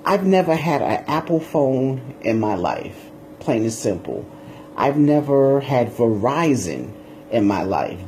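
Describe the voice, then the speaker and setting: A man's voice: mid-range voice, dark tone, a little hiss or hum. A man delivering a combative, indignant monologue aimed at a rival, repeating his points over and over. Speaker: martial arts teacher answering a rival. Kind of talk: ranting monologue video.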